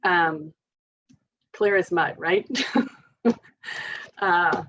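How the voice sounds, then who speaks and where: A woman's voice: lowish voice, fairly even intonation, very slow, a bit bright. A woman occupational therapist giving a casual training talk to parents, chatty and laughing often. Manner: chatty, laughs often, leads group exercises with chanting. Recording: slightly dull lo-fi sound.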